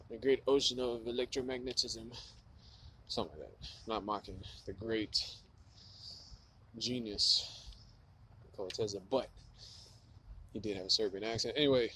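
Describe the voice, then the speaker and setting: Running water plays behind a vlogger whose fairly low, somewhat bright voice drifts through a profane, musing monologue stuffed with "like." The recording is rough, with a bit of hiss or hum.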